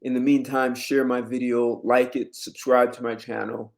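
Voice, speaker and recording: A man giving relationship advice to camera in an emphatic, lecturing way, jumping up in pitch on key words. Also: little pitch movement, normal speed, creaky. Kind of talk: direct-to-camera commentary.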